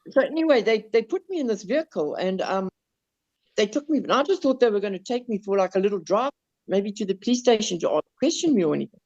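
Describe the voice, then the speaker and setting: A man with a South African accent, casually telling a story on a podcast, animated, swearing and stumbling over his words. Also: sits high, brisk. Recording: slightly dull lo-fi sound.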